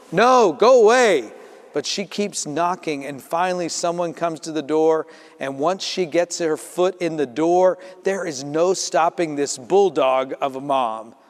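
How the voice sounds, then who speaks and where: A man preaching a sermon as pastor, telling the story in a lively way and acting out the voices in it. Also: on the high side. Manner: storytelling, acts out voices in quotes. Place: church sanctuary. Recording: reverberant church sanctuary.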